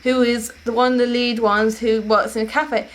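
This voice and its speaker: A woman's voice: fairly high pitch, level tone, normal speed. A young woman, casually telling stories to camera at home in a rambling, self-correcting way. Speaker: vlogger.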